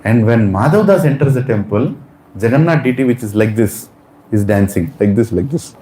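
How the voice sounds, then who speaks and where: A man's voice: fairly low pitch, a little fast, mellow, echoey room, slight background noise, rough recording. A man telling a devotional story in a religious lecture, acting out the characters' lines.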